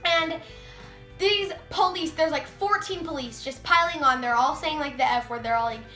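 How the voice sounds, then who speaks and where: A woman's voice: sits high, normal speed, bright, forceful tone. A teenage girl vlogging a story in a chatty way, full of "like", acting out quotes. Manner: chatty, heavy use of "like", acts out quotes. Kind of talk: casual storytime vlog. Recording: echoey room, faint music.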